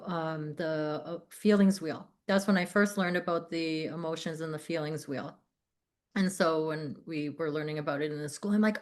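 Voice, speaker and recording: A woman talks as a podcast guest, her voice sitting a little low. She takes her time, unhurried, and acts out both sides of a conversation. Her talk is loose and full of "you know" and "like". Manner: acts out quoted dialogue, many fillers like "you know" and "like". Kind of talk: casual conversational storytelling.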